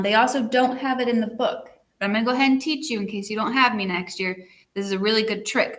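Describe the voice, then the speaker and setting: A woman's voice: mid-range voice, bright, forceful tone. A woman teacher giving a recorded video lesson, chatty and checking in with her students with frequent "okay"s.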